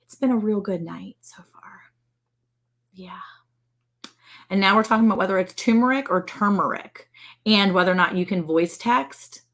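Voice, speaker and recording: A woman's voice: mid-range voice, normal speed, pauses often, a bit bright. A woman from Maryland co-hosting a casual ranch livestream, talking in a playful, teasing, exclamatory way. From Maryland, USA.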